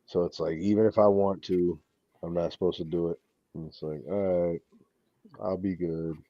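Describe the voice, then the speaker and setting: Low-voiced man swearing through a casual story. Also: steady tone, moderate pace, dry recording, highs cut off. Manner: profane storyteller, mimics others in raised voices. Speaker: co-host on comic unboxing stream. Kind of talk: casual chat. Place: home.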